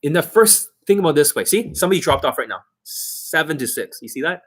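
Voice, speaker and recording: A man's voice: on the high side, lively intonation, fast talker, a bit bright. A man working as a dating coach, ranting aggressively and profanely on a livestream.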